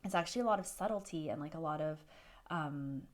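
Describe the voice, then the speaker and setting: A young woman from Canada talks casually to her camera in a vlog, piling on fillers and poking fun at herself. Her voice sits a little low for a woman. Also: fast, a little hiss or hum. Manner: chatty, self-deprecating, lots of fillers. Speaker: vlogger.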